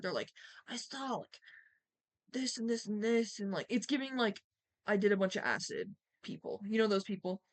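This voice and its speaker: Chatty young woman telling stories. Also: fairly bright tone. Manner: chatty and candid, many "like" fillers, acts out quotes in a higher voice. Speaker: streamer. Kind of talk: casual storytelling to stream chat.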